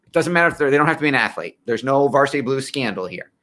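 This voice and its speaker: Bright-voiced middle-aged man telling his story. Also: mid-range voice, animated, very fast. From western New York. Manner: conversational storyteller, earnest and direct. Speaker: college financial aid planner. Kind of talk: personal origin-story talk.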